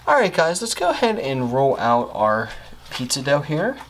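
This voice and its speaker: Upbeat male cooking host, lively pitch, kitchen noise and clattering dishes behind. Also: moderate pace. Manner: upbeat, chatty, explains steps as he works. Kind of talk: casual cooking demonstration. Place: home kitchen.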